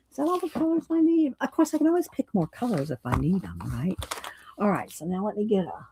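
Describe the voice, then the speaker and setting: A woman's voice: medium pitch, a little mellow, a little hiss or hum, rough recording. A woman chatting casually on a live craft stream, thinking aloud as she picks paint colors and reads viewer chat. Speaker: art streamer.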